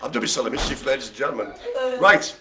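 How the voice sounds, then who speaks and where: Crowd noise surrounds a fast-talking man with a medium-pitched voice who hosts a live dog bingo show. Colleagues are in the room as he jokes theatrically and laughs frequently while calling the cards.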